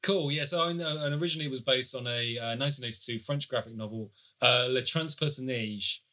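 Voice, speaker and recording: Quick-paced and steady, this sharp, mid-range voice belongs to a podcast co-host reviewing a TV series. He chats freely, drops a swear now and then, and walks through the plot in long summaries.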